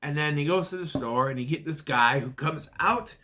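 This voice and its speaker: With a fairly high pitch and a bright, forceful tone, a male movie reviewer talks at normal speed. He casually goes over a bad movie, making sarcastic side comments and performing the characters' lines in exaggerated voices.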